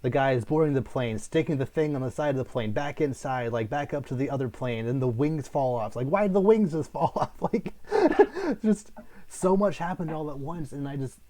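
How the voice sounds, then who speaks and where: Guy nitpicking a movie in casual chat, rambly, middle-pitched, keeps restarting sentences. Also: animated, moderate pace, dark tone. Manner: rambling, critical, frequent fillers and restarts. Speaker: host.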